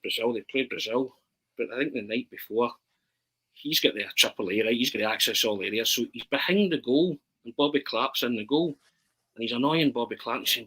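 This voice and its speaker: A Scottish man tells stories in a relaxed podcast chat, animated and forever tagging his sentences with a quick question. His voice sits at an ordinary pitch but sounds forceful and bright. There is a husky rasp to it. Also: poor audio. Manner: animated, keeps asking "right?". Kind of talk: casual storytelling.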